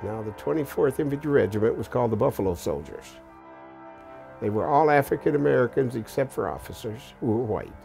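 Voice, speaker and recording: A man's voice: mid-range voice, lively intonation, fairly quick, vocal fry, mellow, soft background music. An elderly man in his eighties, a war veteran, recounting his experiences in a blunt, plain-spoken documentary interview. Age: 80s. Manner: plain-spoken, blunt storytelling with occasional profanity.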